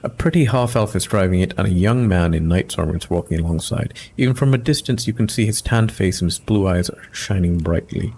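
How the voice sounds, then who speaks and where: A man's voice: sits low, fairly quick, few pauses, darkish tone, slight background noise, rough recording. A man hosting a let's play, mixing casual commentary with reading game text, in a wry, amused manner.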